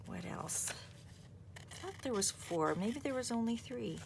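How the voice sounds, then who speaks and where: A woman's voice: on the high side, expressive, measured pace, vocal fry, background noise. A woman hosting a craft video, chatting in a rambling way and thinking aloud as she works. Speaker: craft channel host. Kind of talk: casual chat while crafting.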